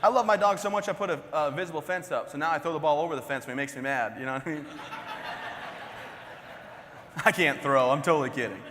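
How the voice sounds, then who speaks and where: A man's voice: on the high side, a little fast, pauses often, noisy background. A young man giving a comedic keynote speech, telling stories and laughing at his own jokes. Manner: joking, self-mocking, laughs at his own lines. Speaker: keynote speaker. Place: large hall on stage. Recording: hall reverb on stage.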